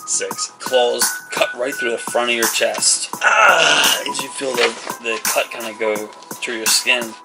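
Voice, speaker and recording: Game master man over loud music. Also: mid-range voice, fairly even intonation, a little slow, gravelly, hardly any pauses, poor audio. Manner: rambling, filler-heavy narration. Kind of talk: narrating a tabletop game.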